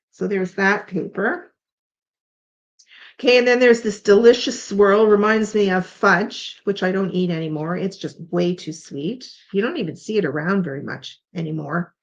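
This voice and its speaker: A middle-aged woman from Canada hosting a casual craft demonstration, chatty and tired, thinking aloud with unsure asides. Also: medium pitch. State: tired, yawning. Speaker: craft tutorial host. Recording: slightly dull lo-fi sound.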